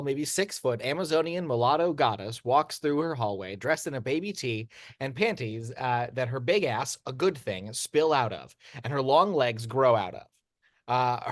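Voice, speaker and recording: A man with a mid-range voice narrates screenplay action lines for an amateur audio drama, steady but with occasional stumbles and restarts. The recording is dry and studio quality.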